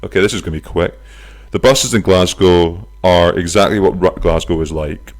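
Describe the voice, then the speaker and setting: A man hosting his own podcast, chatting casually from his flat, telling stories with silly voices and some swearing. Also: sits low, moderate pace. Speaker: podcast host. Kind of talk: casual solo podcast chat. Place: flat near a bus stop.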